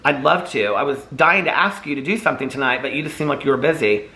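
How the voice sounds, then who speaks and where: A man's voice: mid-range voice, animated, fast talker, bright, forceful tone, roomy sound, low-quality recording. A man reading the lines of an earnest, shy young man in a storybook.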